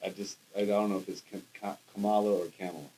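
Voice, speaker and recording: A man co-hosting a podcast, talking in an animated, rambling way with lots of restarts and casual slang. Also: deep voice, fast talker, slight background noise, low-quality recording. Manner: animated, rambling with restarts, says bro and dude. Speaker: podcast co-host. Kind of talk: casual chat.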